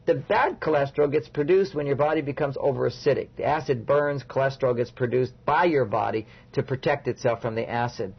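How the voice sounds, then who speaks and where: Gravelly man explaining with confidence. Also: mid-range voice, a little fast, few pauses. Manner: confident, lecturing, builds points step by step. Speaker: author and guest. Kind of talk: interview, explaining advice. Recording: dull lo-fi recording.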